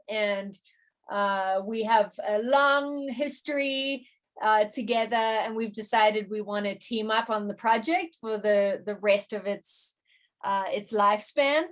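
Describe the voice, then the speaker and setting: Interview guest: woman, slightly high voice, casual and stop-start. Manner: halting, many restarts and fillers. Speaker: musician and producer, interview guest.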